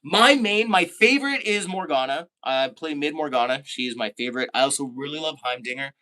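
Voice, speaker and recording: A man from Canada chatting casually on a live stream, reading out viewer comments, laid-back and quick to laugh. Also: a little high, expressive, pushed and bright.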